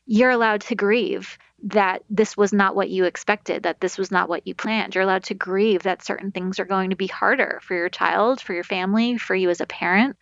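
A woman's voice: medium pitch, gravelly, dry recording. A woman speaks as an expert guest on a talk show, explaining anxiety and feelings in plain conversational terms. She often acts out inner self-talk in quotes and reaches for metaphors. The sound is slightly dull and lo-fi, with a dry, close room. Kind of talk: conversational podcast advice.

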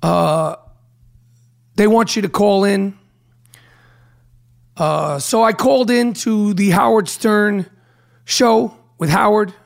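A hoarse man hosting a podcast, talking in a brash, profane, rambling way full of fillers. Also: high-pitched, takes it slowly, pauses often. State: hoarse from a throat problem. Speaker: podcast host. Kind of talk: casual podcast monologue with host-read ad.

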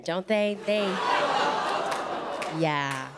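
A Korean American woman doing a stand-up comedy set, telling stories in a wry, deadpan way. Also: mid-range voice, slow pace, very noisy. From United States.

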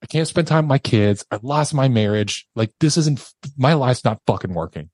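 A man's voice: mid-range voice, lively intonation, moderate pace, darkish tone, breathy edge, dry recording. A man, a podcast guest, telling a raw, emotional personal story and swearing casually as he talks.

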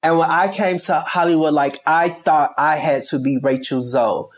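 A man's voice: on the high side, steady tone, moderate pace. Emphatic Chicago man in an interview. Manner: emphatic, rambling with many restarts. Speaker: guest, stylist. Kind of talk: candid interview talk.

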